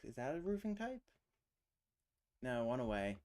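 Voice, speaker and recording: A man streams alone, hosting a casual language chat while thinking aloud through a word puzzle, muttering and trailing off into questions to himself. His mid-range voice is sing-song and a little mellow, at normal speed.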